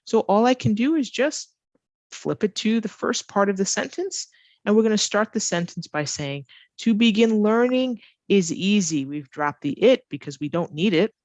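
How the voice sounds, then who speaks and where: ESL teacher, woman, mid-pitched, dry close sound, patient question-led delivery. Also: expressive, moderate pace, darkish tone, no room sound. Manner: patient, asks the learner rhetorical questions. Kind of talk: grammar lesson walkthrough.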